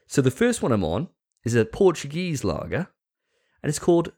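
A man's voice: fairly high pitch, huge pitch swings, moderate pace, darkish tone, husky. A man hosting a casual podcast chat, joking with crude banter. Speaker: podcast host.

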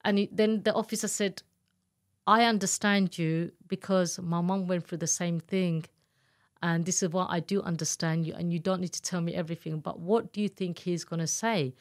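A woman tells her own story in an interview, with a voice that sits slightly low. She speaks candidly and earnestly and slips into the voices of the people she quotes. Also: steady tone, moderate pace. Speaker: guest, abuse survivor telling her story. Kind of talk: emotional personal storytelling.

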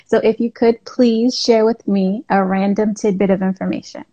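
A woman's voice: mid-range voice, fairly even intonation, normal speed, warm tone, dull audio. A woman hosting a casual live interview, chatty and encouraging, with lots of fillers. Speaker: podcast host. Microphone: live stream call.

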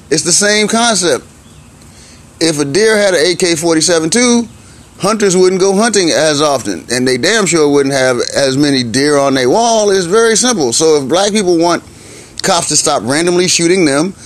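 A man holds forth in a blunt, profane comic rant, full of slang and rhetorical questions. His voice sits slightly high, and he keeps climbing into exasperated outbursts.

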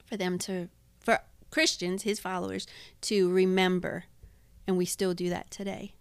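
A woman's voice: lowish voice, little pitch movement, moderate pace, smooth, no echo. A woman co-hosting a Bible study podcast, explaining the symbols plainly in homely words. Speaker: podcast co-host. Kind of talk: casual Bible study chat.

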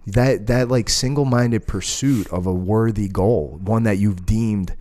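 A man on a relaxed podcast, talking in a slightly low voice. He rambles and restarts his sentences, drops profanity freely and gets animated as he tells his stories. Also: a little slow. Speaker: podcast co-host, jiu-jitsu school owner. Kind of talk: casual podcast chat.

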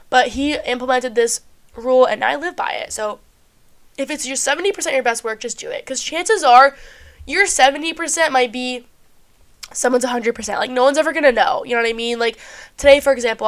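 A young woman hosting a podcast, sounding a bit stuffy, chatting casually about self-help and swearing freely with lots of "like". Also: on the high side. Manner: chatty, swears often, heavy use of "like". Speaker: podcast host.

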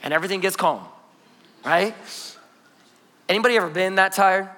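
High, bright-voiced joking pastor. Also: male voice, moderate pace. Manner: lively, joking, storytelling with playful asides. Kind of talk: energetic conversational sermon. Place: church auditorium. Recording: long hall reverb in a church.

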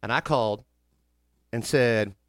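A man with a drawl, spinning a comic story in a dry, close-miked room. His pitch sits in the middle of the range, and he jumps up into high put-on voices for the people he quotes. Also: measured pace, no echo. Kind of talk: casual storytelling chat.

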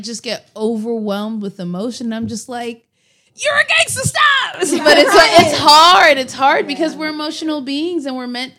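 Young woman co-host, casual and candid, quick to laugh at herself. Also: a little high, a bit bright. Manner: candid, laughs often, jokes about herself. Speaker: podcast co-host. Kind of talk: casual chat.

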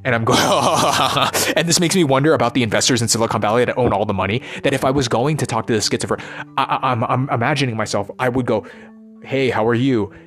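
A man's voice: medium pitch, fast talker, fairly bright tone, faint music behind. A man giving a rambling, profane, intense unscripted monologue as a vlogger.

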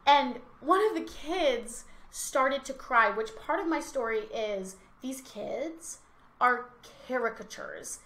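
Young woman teacher chatting on a podcast, bright voice, acts out the kids, kinda echoey room. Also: high-pitched, takes it slowly. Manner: animated storyteller, acts out kids' voices. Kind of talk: casual podcast chat. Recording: roomy echo.

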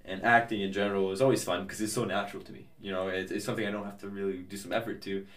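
A man's voice: deep voice, level tone, very fast, a bit bright, roomy sound, recorded from a distance. A young man as a podcast guest, chatting casually in a rambling, hesitant way with many fillers and restarts. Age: young adult. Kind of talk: casual interview chat.

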